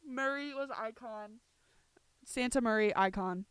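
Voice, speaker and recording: A woman hosting a podcast, ranting heatedly, swearing freely and breaking into shouts. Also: medium pitch, moderate pace, clear, resonant tone, no echo. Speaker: podcast host. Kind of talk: casual ranting commentary.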